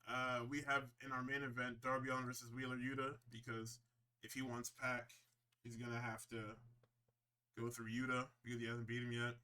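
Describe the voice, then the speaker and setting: A man co-hosting a podcast, casually recapping wrestling shows in an animated, profane way and slipping into quick impressions. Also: medium pitch, clean tone. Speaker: podcast co-host.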